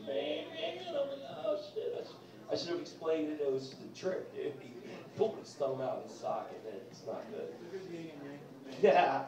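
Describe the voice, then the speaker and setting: A man's voice: medium pitch, very animated, normal speed, crowd noise. A middle-aged man doing a stand-up routine, rambling through self-deprecating stories with crude asides, recorded in an echoey comedy club from some distance, with audience laughter behind him.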